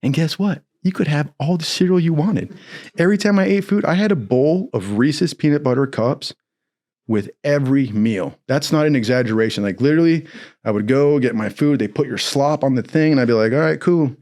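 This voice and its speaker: A young man telling a rambling, profane story in a casual, animated way, laughing often. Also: mid-range voice, fairly quick.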